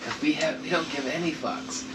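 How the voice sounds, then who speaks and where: A man's voice: on the high side, normal speed. A man playing a tabletop game, laid-back and jokey, swearing casually. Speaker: player. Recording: distant mic with clear background noise.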